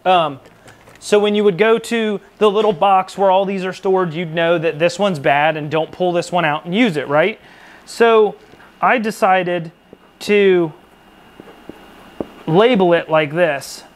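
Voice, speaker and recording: A man's voice: high voice, measured pace. A man casually telling a rambling, profane, self-mocking story to camera about his time in the military.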